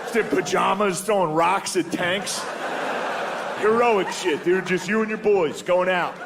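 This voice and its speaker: A man's voice: high voice, a little slow, vocal fry, noisy background. A man doing a stand-up comedy set, laid-back and crude, often slipping into exaggerated character voices. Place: comedy club stage before a laughing audience.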